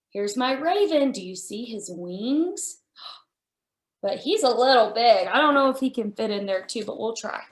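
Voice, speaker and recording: A young woman reading a picture book aloud to small children, wonder-filled and full of gasps, and then showing toy animals. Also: fairly high pitch. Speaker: children's story time reader. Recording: echoey room.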